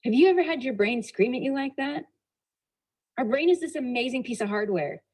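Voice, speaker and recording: Animated woman telling a motivational story. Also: high voice, a little fast, low-quality recording. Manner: animated storyteller, acts out dialogue, rhetorical questions. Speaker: motivational speaker.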